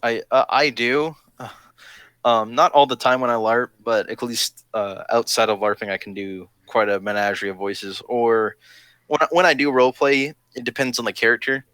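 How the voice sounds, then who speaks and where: A young man talks loosely and jokingly, trying out quick put-on voices between thoughts. His tone is bright and forward, and the recording is dry and close. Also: mid-range voice, fairly even intonation, clear, resonant tone, no echo. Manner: rambling, jokey, tosses in quick silly voices. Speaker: LARP podcast co-host. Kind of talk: casual chat.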